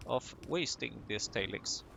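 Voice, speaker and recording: Slow, gravelly man narrating gameplay. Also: mid-range voice, animated, noisy background. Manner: chatty, self-mocking asides while building. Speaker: gaming video host. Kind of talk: casual let's-play commentary.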